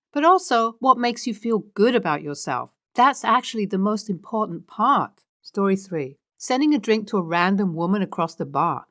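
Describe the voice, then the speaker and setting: A woman narrating, reading a series of online posts aloud in a steady, scripted way. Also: mid-range voice.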